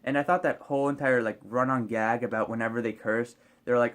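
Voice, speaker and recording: A man's voice: mid-range voice, steady tone, a little fast, fairly bright tone. A man casually reviewing a movie on his vlog, rambling and hesitant, with many fillers and restarts.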